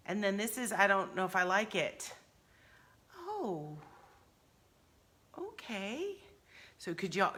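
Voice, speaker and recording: A woman's voice: fairly low pitch, sharp tone. A woman hosting a furniture painting livestream, chatting casually and telling stories with animation.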